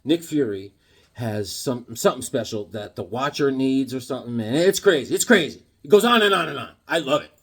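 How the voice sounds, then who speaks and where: Husky, animated man telling a story. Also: medium pitch, a little fast. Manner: rambling, sarcastic, restarts often. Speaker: comic book collector and vlogger. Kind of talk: casual storytelling while showing comics.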